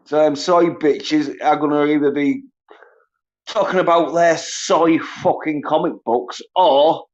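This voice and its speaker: Profane ranting man, lo-fi stream. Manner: profane, ranting, mocks others in high whiny voices. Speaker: livestreamer. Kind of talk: angry solo livestream rant. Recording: dull lo-fi stream audio.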